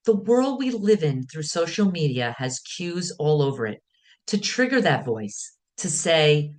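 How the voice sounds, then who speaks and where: A woman speaking as a wellness teacher, guiding listeners calmly in short, measured phrases. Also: on the low side. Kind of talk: guided teaching talk.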